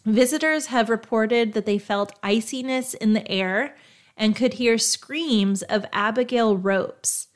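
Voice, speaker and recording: A young woman host talking casually about places she visited, chatty and prone to unsure asides and self-corrections. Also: a little high. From Texas. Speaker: travel podcast host. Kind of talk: casual travel narration.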